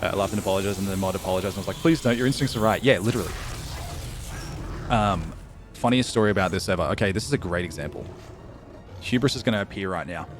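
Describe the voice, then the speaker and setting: A man's voice: low voice, fast, pauses often, over music. A man streaming live, chatting casually with his viewers, reading out their messages and telling a funny story with lots of laughs.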